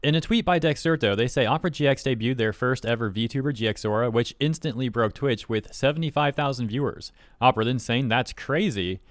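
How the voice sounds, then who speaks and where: Guy doing quick wry commentary, rattles through it fast, dry close sound. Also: mid-range voice, no echo. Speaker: YouTube commentator. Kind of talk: casual commentary reading tweets.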